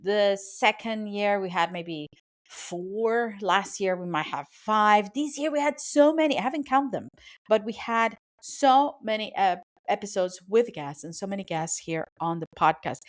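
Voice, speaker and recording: A woman with a mid-range voice and lively intonation speaks at a measured pace into a studio microphone. She hosts her podcast alone from a small soundproofed home office, delivering a chatty, apologetic monologue and sometimes tripping over her words.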